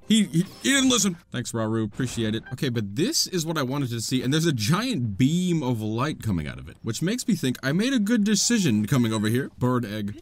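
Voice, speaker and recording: A young man doing casual Let's Play commentary, goofy and self-mocking, swinging between loud yelps and low mutters. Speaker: gaming YouTuber.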